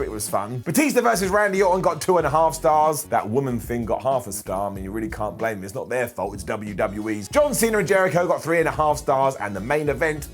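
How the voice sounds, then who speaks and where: A young man giving a jokey, animated retro wrestling review voice-over, quoting wrestlers in quick asides. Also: medium pitch.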